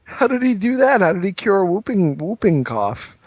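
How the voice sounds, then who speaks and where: A man's voice: sits high, very animated, normal speed, darkish tone, no room sound. A man co-hosting a comedy podcast, playful, asking questions and laughing often. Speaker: podcast co-host. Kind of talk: comedic casual chat.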